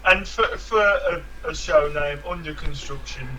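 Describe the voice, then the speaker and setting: Man, dry understated humor, casual co-host banter, bright tense voice, fairly high. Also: a little slow, low-quality recording. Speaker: co-host of a vaping live stream. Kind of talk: casual banter on a live stream.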